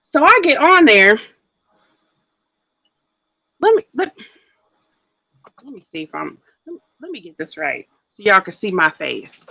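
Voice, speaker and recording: A woman's voice: medium pitch, big pitch swings, moderate pace, gravelly, sharp tone, poor audio. A woman telling a story on a casual live stream. She sounds out of breath and talks in a chatty, colloquial way to her viewers.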